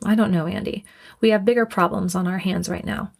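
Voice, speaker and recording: Brief: woman voicing a firm, stubborn, devout male doctor in an audiobook, middle pitch. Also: steady tone, fairly quick, vocal fry, darkish tone.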